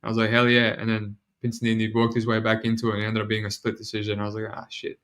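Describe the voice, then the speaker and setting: A man's voice: fairly low pitch, monotone, very fast. A man with a New Zealand accent hosting a casual betting podcast, chatting in a loose, slangy way. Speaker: podcast host.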